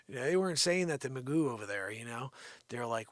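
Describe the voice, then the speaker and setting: A man hosting a live comedy stream, rambling and teasing an unseen sidekick with a steady stream of "you know.". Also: mid-range voice, moderate pace, no room sound. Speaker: livestream comedy host. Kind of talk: improvised comedic rant.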